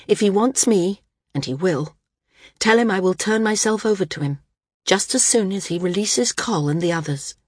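A woman's voice: medium pitch, animated, moderate pace, slightly rough, dry recording, clean studio sound, voice pushed up. A woman voicing a determined woman flyer, speaking in an earnest, resolute way in an audiobook. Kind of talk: audiobook character reading.

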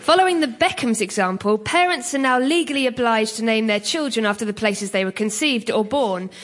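A woman on a comedy panel show, reading a comic lecture in a deadpan, jokey way. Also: fairly high pitch, a little fast.

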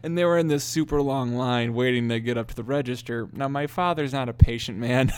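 A man's voice: mid-range voice, fairly quick, clean tone. A young man hosting a podcast, telling a story casually, often laughing and swearing as he talks. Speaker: podcast host.

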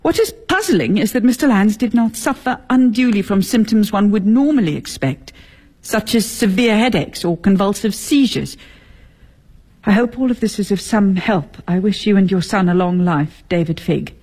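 A woman's voice: mid-range voice, animated, moderate pace, darkish tone, slightly rough. An actress playing a bitter, sarcastic middle-aged wife and mother in a radio drama. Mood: bitter, grieving. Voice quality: cutting, sarcastic.

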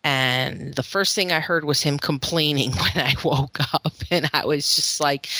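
A woman's voice: deep voice, unhurried, hardly any pauses, sharp tone, dry recording. A woman in her thirties, a mother, chatting casually on a podcast and often laughing as she tells stories about her kids. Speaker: podcast host; mother of children in therapy. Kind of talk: casual chat.

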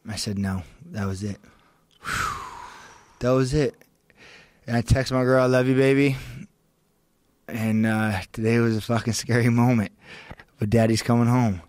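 A man's voice: lowish voice, steady tone, measured pace, long pauses, a little mellow, no room sound. A man, a podcast guest with a young child, tells a tense story in a blunt, profane, urgent way, his voice shooting up at the peaks. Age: adult with a young child. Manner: profane, urgent and emphatic, voice rising sharply at peaks. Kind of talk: intense storytelling in a long-form podcast.

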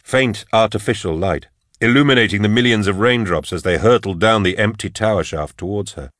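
A man reading a sci-fi audiobook in steady, dramatic narration. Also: fairly low pitch, fairly quick, no room sound, studio quality.

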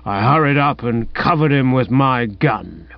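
A man's voice: medium pitch, expressive, a little slow, vocal fry, no room sound. Man playing a stern bullying man, curt, smug, dull dry sound.

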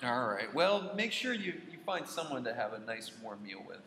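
A man's voice: mid-range voice, big pitch swings, normal speed, sharp tone, slight background noise. A man co-hosting a podcast, chatting casually in an upbeat, friendly way. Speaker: podcast co-host. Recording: echoey room with long reverb, faint ambience.

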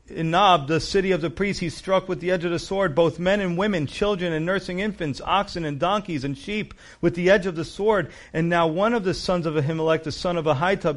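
A man preaching a sermon, reading scripture aloud and breaking off into animated asides to his listeners. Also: high voice. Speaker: pastor.

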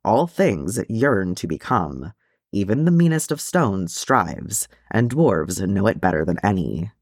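A man voicing a stern, proud dwarf who speaks with slow, measured solemnity. The low voice has a gravelly edge, and the pitch moves a great deal. It is a dry, close storybook recording. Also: big pitch swings, a little mellow, dry recording, full character voice. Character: stern proud male dwarf, weary and stoic.

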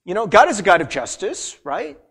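A man as a pastor preaching a sermon, talking in an animated, conversational way with many asides. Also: high-pitched, fairly quick, slightly rough.

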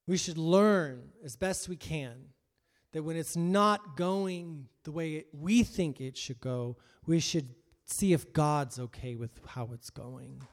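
A man preaching a sermon, acting out biblical figures in his own voice and moving between hushed asides and loud, emphatic lines. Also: on the high side, slow pace. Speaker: pastor.

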